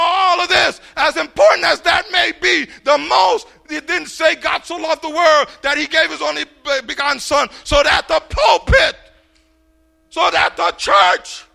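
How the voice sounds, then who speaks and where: A middle-aged man preaches to a congregation in a voice pitched very high for a man, with a bright, sharp edge. He surges into shouts and then drops to quiet asides, stammering and repeating words as he goes. A rough, gravelly fry runs under his speech. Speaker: pastor. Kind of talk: sermon. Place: church, before a congregation.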